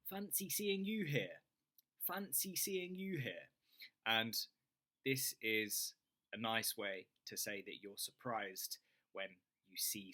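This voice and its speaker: A young British man teaching an English lesson, saying phrases slowly and clearly for learners to repeat. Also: lowish voice, bright, forceful tone.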